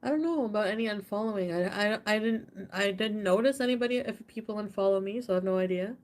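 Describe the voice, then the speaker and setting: A woman in her thirties talking casually to camera, halting and indifferent, repeating herself. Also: mid-range voice, darkish tone. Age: 30s. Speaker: streamer in a played clip.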